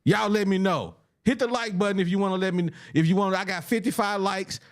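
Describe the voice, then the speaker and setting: A man hosting a sports podcast in casual banter, loud and slangy, laughing often. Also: high voice, fast. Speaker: podcast host.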